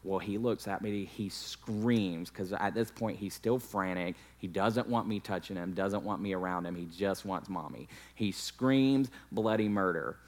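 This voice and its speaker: A man's voice: low-pitched, unhurried, hardly any pauses. A man in his thirties, a pastor, telling a candid, self-deprecating personal story in a sermon.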